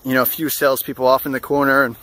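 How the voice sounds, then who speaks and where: A man's voice: medium pitch, level tone, very fast, bright, forceful tone. A young man casually telling a travel story in a rambling way, with plenty of fillers and amused asides. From United States. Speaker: vlogger.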